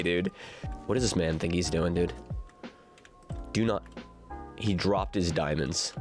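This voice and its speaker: Excitable young man with a lively voice. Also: sits low, brisk, pauses often. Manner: excitable, yells "no" in bursts, filler-heavy rambling. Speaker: gaming YouTuber. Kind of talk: casual gameplay commentary. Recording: music playing behind the voice.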